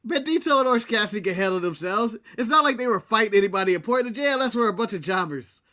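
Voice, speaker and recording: A man's voice: sits high, animated, very fast, sharp tone. An American man co-hosting a casual wrestling recap show, talking bluntly and laughing often. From United States. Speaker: podcast co-host.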